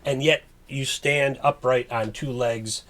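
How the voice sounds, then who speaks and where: Male game master, slow halting improv narration, mid-pitched. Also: steady tone, a bit bright. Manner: halting, with many fillers.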